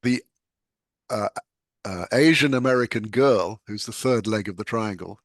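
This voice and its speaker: A man's voice: on the low side, unhurried, no room sound, studio quality. An older man with a British accent, telling stories as a novelist being interviewed, laughing often. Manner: animated storyteller, laughs often. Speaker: guest novelist. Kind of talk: conversational anecdote.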